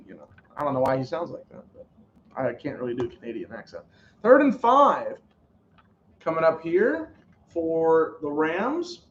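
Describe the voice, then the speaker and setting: A man hosting a casual live stream, reacting to a football game and calling plays in an excitable, rambling way. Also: normal speed, reverberant, dull audio, a little hiss or hum. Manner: excitable, rambling, pitch jumps on big plays. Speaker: sports live-stream host.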